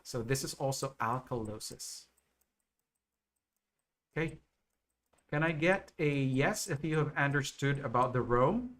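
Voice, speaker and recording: A man teaching nursing exam material on a live stream, explaining slowly and checking in with viewers often. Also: mid-range voice, animated, fairly bright tone. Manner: slow, repetitive explaining with frequent okay and right checks.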